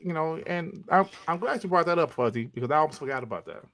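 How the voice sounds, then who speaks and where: A man on a casual gaming podcast rants in a bright, forceful voice that swoops up and down. He keeps returning to short, punchy one-word verdicts, animated and insistent. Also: a little high, fast talker. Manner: animated ranting with repeated punchlines. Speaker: podcast panelist.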